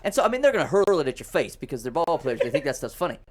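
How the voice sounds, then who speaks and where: Male podcast host, rapid-fire, joking game-show banter. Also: a little high, very animated, slight background noise. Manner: fast, joking, laughs often. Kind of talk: casual comedic chat. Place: small studio.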